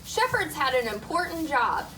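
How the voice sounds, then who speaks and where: A woman reading a Bible lesson about shepherds to children in a steady, informative way. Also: high voice, moderate pace, far from the mic, poor audio. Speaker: Bible story teacher. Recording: set back from the mic, clear background noise.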